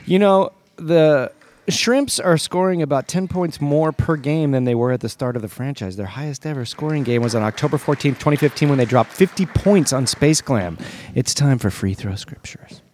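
A man doing improvised comedy as a color commentator, riffing absurd bits in a deadpan way. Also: a little high, normal speed, slight background noise.

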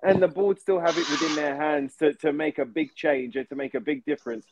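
A man's voice: a little high, steady tone, fairly quick, background noise. A man who is a podcast guest, talking earnestly and emphatically in casual chat.

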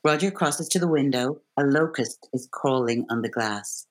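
A woman guest, an actress, reading the stage directions in a crisp, even way. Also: extremely low pitch, normal speed.

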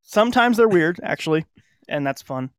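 A man's voice: high voice, lively intonation, normal speed, clear, resonant tone, no echo, clean studio sound. A man co-hosting a podcast in a laid-back, chatty way, laughing often. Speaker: podcast co-host. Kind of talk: casual chat.

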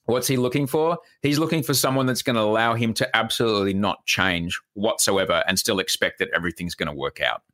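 A man impersonating a blunt female TV matchmaker giving firm relationship advice in a lower, quieter voice. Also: fairly quick, hardly any pauses. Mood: knowing.

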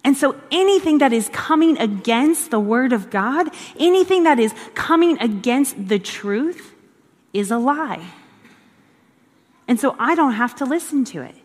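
A woman's voice: high-pitched, expressive, measured pace. A woman giving a conversational devotional teaching in an earnest way, repeating phrases for emphasis. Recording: long hall reverb.

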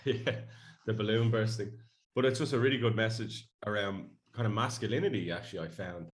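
Podcast co-host, male, lowish voice, relaxed and jokey. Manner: laughs often, relaxed and joking. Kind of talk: casual podcast chat. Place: Bondi home.

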